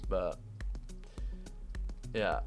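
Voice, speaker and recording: A young British man chatting casually with viewers during a live game stream, laughing often and jumping to high-pitched disbelief. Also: drawn-out words, over music. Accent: British English. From United Kingdom. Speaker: livestreamer.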